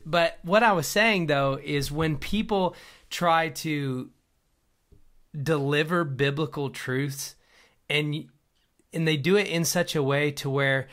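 A man's voice: a little high, takes it slowly, fairly bright tone. A young man co-hosting a casual faith podcast, joking and laughing often as he talks. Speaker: podcast co-host.

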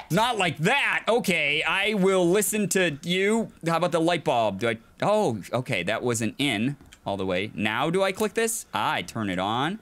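A man's voice: on the high side, fairly bright tone, a little hiss or hum. A man hosting a let's play, giving casual gameplay commentary, chatty and jokey, reacting aloud and chuckling often.

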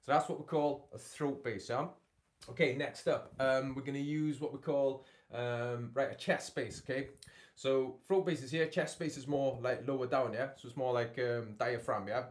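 A man's voice: mid-range voice, steady tone, moderate pace. A man teaching a beatbox workshop from his home studio. He keeps checking in with his learners with "yeah?" and "okay?". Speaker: beatbox tutor.

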